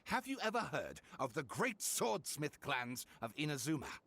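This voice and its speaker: Showy, excitable writer, high voice swooping all over for game dialogue. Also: male voice, moderate pace, creaky, slight background noise, full character voice. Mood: explaining. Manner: theatrical, excitable, dramatic build-ups. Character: eager male scholar-writer, theatrical and chatty.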